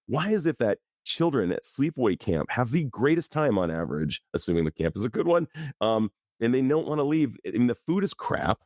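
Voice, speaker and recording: A man who works as a psychologist, speaking as a guest in a conversational podcast interview and telling stories in a lively, expressive way. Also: mid-range voice, brisk, no room sound, studio quality.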